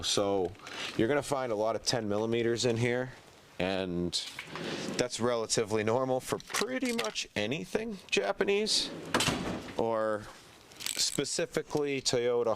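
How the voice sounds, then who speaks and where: A man's voice: mid-range voice, unhurried, background noise. A congested man who breathes through his mouth, talking casually and a bit sarcastically as he takes apart a car engine in a garage, his breathing caught up close by a good mic. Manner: relaxed, chatty, mildly sarcastic, with fillers. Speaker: home mechanic. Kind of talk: casual how-to narration while working. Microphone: good-quality mic picking up breathing.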